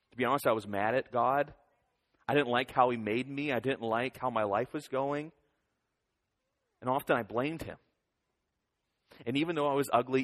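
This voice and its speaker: A man in his thirties giving a lively children's sermon, leading the kids in call-and-response. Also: mid-range voice. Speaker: children's pastor. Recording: long hall reverb.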